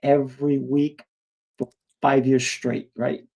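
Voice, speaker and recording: Gravelly, husky man hosting a show. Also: medium pitch, level tone, takes it slowly, a little mellow, dull audio. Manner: tells anecdotes, acts out both sides of dialogues. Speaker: podcast host. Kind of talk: conversational storytelling.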